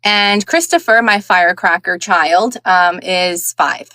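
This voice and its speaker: A woman's voice: on the low side, takes it slowly, bright, forceful tone, no echo. New york lady guest, casual rambly chat, lots of likes and ums, dry close sound. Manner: chatty, frank, heavy with "like" and "um". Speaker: guest audiobook narrator.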